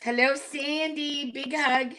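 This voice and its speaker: A woman's voice: high voice, steady tone, slow pace, a bit bright. A woman on a live-stream panel, effusive and affectionate, greeting viewers with love and hugs. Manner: effusive, sends hugs, bursts of enthusiasm. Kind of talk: casual chat.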